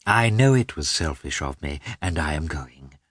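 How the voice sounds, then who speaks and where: A man reading aloud and voicing an ironic, fashionable society princess, lifting to a high, airy tone. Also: lively intonation, normal speed, a bit bright, dry recording, studio quality, heavily acted. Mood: affable, ironic.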